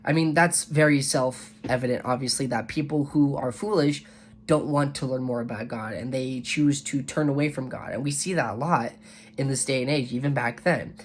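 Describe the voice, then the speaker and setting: A young man leads a relaxed online Bible study, reading scripture aloud and then talking it through in his own words. His voice sits at an ordinary middle pitch, and he comes across as earnest and sincere, often restarting a phrase to say it better. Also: moderate pace. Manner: earnest, with frequent self-corrections and restarts. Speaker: YouTube Bible study host. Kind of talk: casual Bible reading and devotional commentary.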